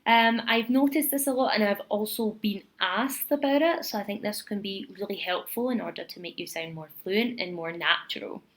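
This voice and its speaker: A woman's voice: medium pitch, moderate pace, few pauses, rough recording. A woman from Scotland with a Scottish accent, hosting a podcast lesson and patiently explaining pronunciation step by step with spoken examples. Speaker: English teacher and podcast host.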